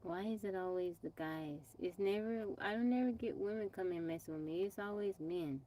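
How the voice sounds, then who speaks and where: Speaking at a moderate pace in a mellow, medium-pitched voice, the Texas woman chats casually on a phone livestream from her off-grid home. She welcomes viewers by name and brushes aside trolls plainly.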